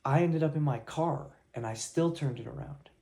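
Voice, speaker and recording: A man's voice: on the high side, moderate pace, vocal fry, warm tone. A man coaching his viewers in a blunt tough-love rant, swearing heavily and fired up. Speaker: life coach.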